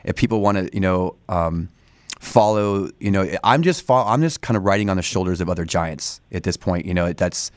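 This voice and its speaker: A man's voice: sits low, normal speed, no room sound. A man in his forties from Northern California, a studio guest talking at length in a casual, rambling way with many restarts. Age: 40s. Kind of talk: casual interview talk. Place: radio studio.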